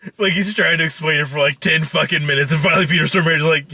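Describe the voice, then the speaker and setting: A man's voice: a little high, fast, sharp tone, husky, dry recording. A man co-hosting a casual movie review podcast, laid-back and profane, chuckling between remarks. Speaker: podcast co-host.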